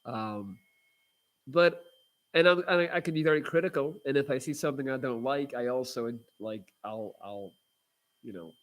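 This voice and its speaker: A man hosts a casual livestream, reading viewer comments and chatting in a rambling, blunt way full of fillers and restarts. His voice is medium-pitched, at a moderate pace.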